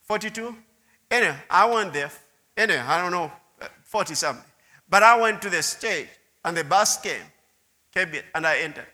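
A man's voice: high-pitched, lively intonation, brisk, pushed and bright. A man preaching a sermon testimony, telling his story with repeated words and asides to the listeners. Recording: long hall reverb.

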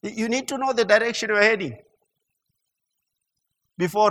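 A man preaching a sermon in an animated way, stammering through restarts and building to emphatic peaks. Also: high-pitched, moderate pace. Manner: animated, mimics mock prayer sounds and laughs. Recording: long hall reverb.

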